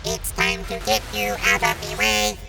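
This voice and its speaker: A woman voicing a gloating monster villain whose broken voice box makes him sound like a squeaky little robot. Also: big pitch swings, normal speed, gravelly. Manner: gloating, menacing, cackling. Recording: distant mic with music behind.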